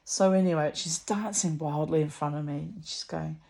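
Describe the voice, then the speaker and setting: A woman's voice: low voice, normal speed, gravelly, a little mellow. A woman telling a story in a chatty, rambling way, blunt and salty, with lots of asides and restarts. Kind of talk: casual storytelling monologue.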